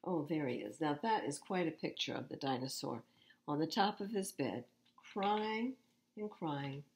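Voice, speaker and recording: A woman's voice: deep voice, expressive, unhurried. A woman reading picture books aloud to children at storytime, expressively and with asides to the listeners. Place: public library.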